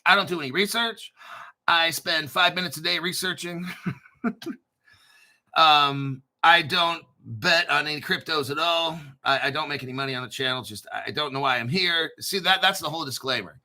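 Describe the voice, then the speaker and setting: A man's voice: on the high side, moderate pace, bright, forceful tone. A man hosting a crypto channel, rambling casually with profanity, jokes and self-mockery. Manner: profane, joking, self-mocking and digressive.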